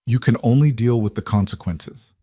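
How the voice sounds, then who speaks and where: A man's voice: medium pitch, moderate pace, mellow, no room sound, clean studio sound, lightly acted. A man reading the lines of a cold, controlled mafia boss in a told story. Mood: stern.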